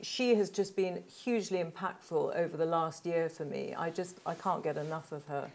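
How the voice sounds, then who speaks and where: A woman's voice: low-pitched, moderate pace, creaky, darkish tone. A British woman on a talk panel, speaking in an enthusiastic, chatty way with frequent "like"s. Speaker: panel guest. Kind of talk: casual chat.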